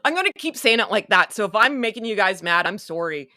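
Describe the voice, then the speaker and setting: A woman's voice: medium pitch, lively intonation, fast talker, bright, forceful tone, dry recording, studio quality. A woman hosting a casual live stream, talking in a sarcastic, rambling, chatty way. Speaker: online show host.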